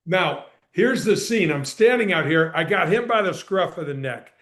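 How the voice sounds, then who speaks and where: A middle-aged man tells his story on a podcast with energy and emphasis. His voice sits high for a man. He punches key words and keeps the telling moving. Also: lively intonation, normal speed, fairly bright tone. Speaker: podcast guest, former pro golfer and radio host. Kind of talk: animated storytelling in conversation.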